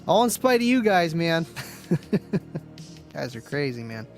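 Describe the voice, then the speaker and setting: A man's voice: fairly high pitch, sing-song, measured pace, faint music behind. A man hosting a live stream, chatting casually with viewers, laid-back and chatty, laughing often and calling people "man" and "dude".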